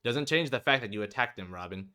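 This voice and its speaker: A man's voice: mid-range voice, expressive, quick pace, sharp tone, smooth. A man voicing a stern, cold male school headmaster who speaks formally and measuredly.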